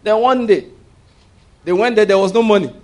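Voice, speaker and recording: Conversational preacher, high-ish man's voice. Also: moderate pace, a little mellow. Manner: conversational, rhetorical questions, call-and-response. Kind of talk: sermon.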